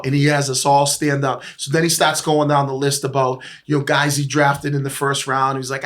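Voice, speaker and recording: Over a loud crowd, a fairly high-pitched man talks at normal speed. He's a former pro football player in his forties from East Boston, USA, with a Boston accent, appearing as a podcast guest. He tells rambling, profane stories in a casual chat, animated and laughing often.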